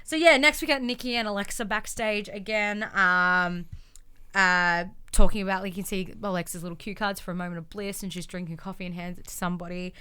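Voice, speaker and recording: A woman's voice: mid-range voice, steady tone, brisk, pushed and bright, clear, resonant tone. A woman chatting casually as a podcast co-host, rambling along with lots of fillers. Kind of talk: casual chat recapping wrestling.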